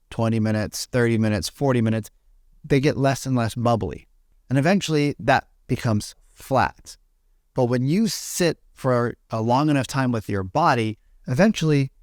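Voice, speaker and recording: A man guest on a podcast explaining meditation in a motivational way, animated and repetitive, often asking "right?" and jumping up in pitch to act out inner voices. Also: no room sound, studio quality. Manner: animated, repeats phrases, keeps asking "right?"; acts out inner voices with high pitch jumps.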